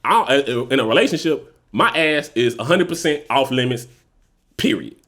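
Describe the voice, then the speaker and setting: A man's voice: mid-range voice, animated, normal speed, a bit bright. A young man co-hosting a podcast, talking loosely in profane slang and acting out quoted voices. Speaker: podcast co-host. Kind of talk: casual podcast chat.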